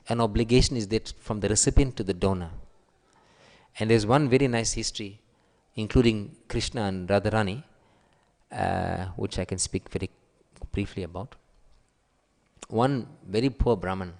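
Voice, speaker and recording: A man giving a sermon, telling stories and acting out the quoted voices with a raised pitch. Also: moderate pace, darkish tone. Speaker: preacher. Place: temple hall. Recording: long hall reverb.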